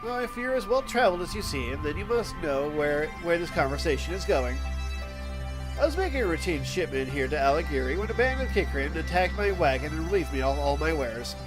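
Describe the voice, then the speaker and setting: A man's voice: on the high side, very animated, a little fast. A man putting on a fussy little merchant with an accent. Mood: businesslike. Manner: puts on an accent. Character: small fussy male merchant, brisk and businesslike. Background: game music.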